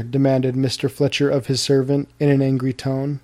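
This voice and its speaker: A man narrating an audiobook of a historical novel in a steady, formal storytelling manner. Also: mid-range voice, moderate pace, hardly any pauses.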